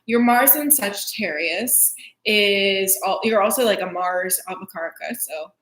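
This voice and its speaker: A woman's voice: medium pitch, a little slow, a bit bright. A woman astrologer co-hosting a live stream, talking casually with lots of fillers and sarcastic asides. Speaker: astrologer co-host. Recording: echoey room.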